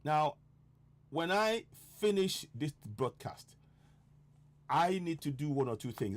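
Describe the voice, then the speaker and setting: A man's voice: a little high, expressive, slow, a little hiss or hum. A man giving an impassioned political broadcast, urgent, repeating rhetorical questions. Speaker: online broadcaster.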